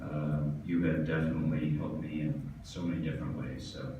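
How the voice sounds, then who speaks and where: A tennis pro, being inducted into the hall of fame, tells funny stories in his speech and laughs at his own jokes. He has a bass voice, fairly even intonation, and a slightly fast delivery. The distant, echoey hall recording has its highs cut off and some background noise.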